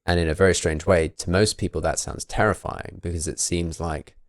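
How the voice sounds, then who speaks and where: Deep guy podcast host, thoughtful chat, super dry sound. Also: fairly even intonation, brisk, no room sound. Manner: thoughtful, acts out quoted voices. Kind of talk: reflective conversational talk.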